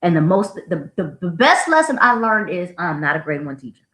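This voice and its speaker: Snarky lady host spinning classroom stories, lowish voice, echoey room. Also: normal speed. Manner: snarky, animated storyteller. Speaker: podcast host, school administrator. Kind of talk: casual storytelling. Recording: roomy echo.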